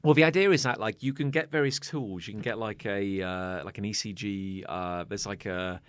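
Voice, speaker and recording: A man co-hosting a podcast, telling animated stories in casual chat and swearing freely. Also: on the low side, normal speed, clean tone, dry recording, studio quality. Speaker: podcast co-host.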